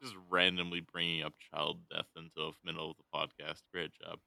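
Low-voiced guy on a podcast, wry and laid-back, talking into his phone, dry sound. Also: little pitch movement, a little fast, creaky, sharp tone, dry recording. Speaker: podcast co-host. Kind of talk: casual chat.

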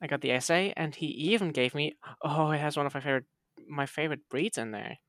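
Man, somewhat high voice, playful, casual podcast host, dry close recording. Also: fast talker, a bit bright, no room sound. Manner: playful, reads text aloud in a chatty way.

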